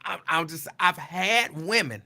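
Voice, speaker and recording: A man hosting a loose, rambling talk stream in a high, very bright voice. He chats with viewers, drifts between topics and repeats lines to drive a point home. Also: animated, measured pace, creaky. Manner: chatty, digressive, answers chat comments; repeats phrases for emphasis. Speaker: talk show host. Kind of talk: casual live-stream talk.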